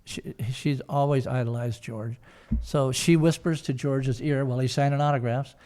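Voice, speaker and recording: A man's voice: medium pitch, steady tone, normal speed, warm tone. An older man telling a long personal story in an interview, rambling with many fillers and restarts. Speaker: guest, son of the founders.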